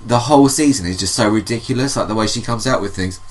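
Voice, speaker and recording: Woman with a super deep voice, dry offhand comments on a chatty podcast. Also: fast. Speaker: podcast co-host. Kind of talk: casual chat.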